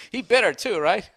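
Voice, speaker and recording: A man's voice: high voice, a bit bright. A man hosting a podcast, talking in a blunt, profane, ranting way, mocking himself as he goes. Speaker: podcast host. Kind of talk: casual chat.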